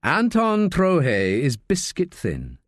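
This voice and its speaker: A man narrating a crime audiobook in an expressive, measured way. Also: fairly high pitch, dry recording, studio quality.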